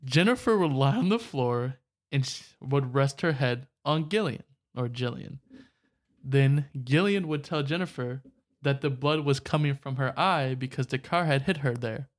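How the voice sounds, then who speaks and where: A man's voice: medium pitch, expressive, normal speed. A man co-hosting a casual podcast, telling a story and joking around with his co-host. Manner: joking, laughs often, mock Aussie "mate" asides.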